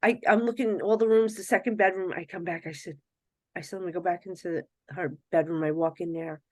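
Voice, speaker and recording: A middle-aged woman, a psychic medium guest on a podcast, telling stories in a casual, animated way, often acting out other people's voices and laughing. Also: on the low side, fast talker, no room sound. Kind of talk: casual storytelling in a podcast interview.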